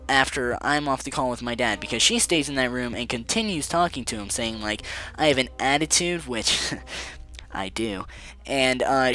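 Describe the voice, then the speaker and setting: A man's voice: medium pitch, bright, forceful tone. A young man rambling through a casual storytime in a sarcastic, joking tone. He curses freely and keeps things loose and chatty. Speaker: vlogger.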